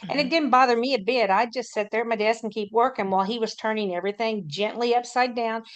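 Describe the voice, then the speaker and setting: Slightly high-voiced woman telling a story. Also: fast talker, highs cut off. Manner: anecdotal, matter-of-fact. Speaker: school counselor. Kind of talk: storytelling in a panel talk.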